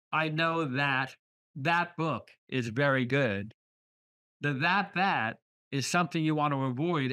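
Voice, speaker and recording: A man giving an online literature lecture over a video call, talking deliberately and reading verse aloud with careful emphasis. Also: medium pitch, sharp tone. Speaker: lecturer on poetry.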